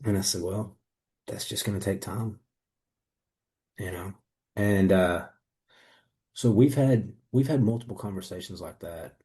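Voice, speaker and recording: A man with a low, mellow voice speaks in a candid testimonial interview. He tells his story earnestly and reflectively, pausing to find his words. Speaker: coaching client.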